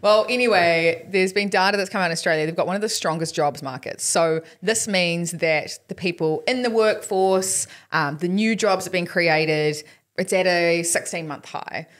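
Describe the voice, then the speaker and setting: A woman's voice: on the low side, moderate pace. New Zealand woman explaining economics. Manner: explanatory, acts out quotes. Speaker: podcast co-host. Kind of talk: casual chat.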